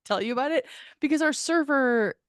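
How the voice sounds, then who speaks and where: A woman's voice: high-pitched, brisk, no room sound, studio quality. A woman co-hosting a podcast, telling a story in casual chat with lots of laughter, acted-out quotes and swearing. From American Midwest. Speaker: podcast co-host.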